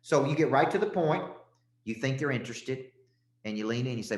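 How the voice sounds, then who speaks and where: A middle-aged man from Tennessee delivers a live sales coaching talk. He talks in punchy, emphatic bursts and keeps checking in with his listeners. His voice sits at an ordinary pitch and rings out in a roomy, echoing space. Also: animated, fairly quick. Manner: emphatic, punchy, frequent "okay?" check-ins. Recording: echoey room.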